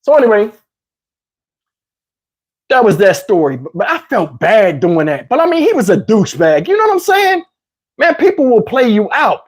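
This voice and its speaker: A man from New Jersey tells a crude story, his pitch swinging all over and his voice a little husky. He talks fast and loose with lots of asides, close on a lapel mic. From Camden, New Jersey. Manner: profane, animated, lots of asides. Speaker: channel host. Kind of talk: comedic storytelling.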